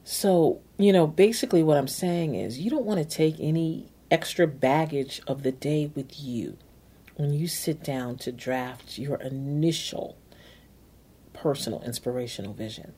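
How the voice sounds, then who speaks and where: A woman's voice: low voice, unhurried, mellow, breathy edge. A woman hosting a self-help podcast, coaching listeners step by step and repeating key phrases. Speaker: podcast host. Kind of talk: motivational self-help talk.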